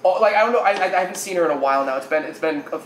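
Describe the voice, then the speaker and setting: A man co-hosting a podcast, telling stories in a halting way, full of restarts, and acting out the people he describes. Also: high-pitched. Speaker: podcast co-host. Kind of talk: casual storytelling chat. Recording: roomy, with faint background noise.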